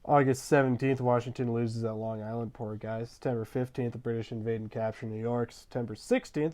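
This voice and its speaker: Young male narrator, mid pitch, jokey slang-filled history recap with deadpan asides. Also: quick pace. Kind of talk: comedic history narration over gameplay.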